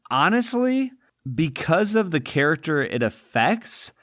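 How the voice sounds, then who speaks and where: Male podcast co-host, emphatic and animated, very lively pitch; dry close mic. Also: dry recording. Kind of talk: casual film discussion.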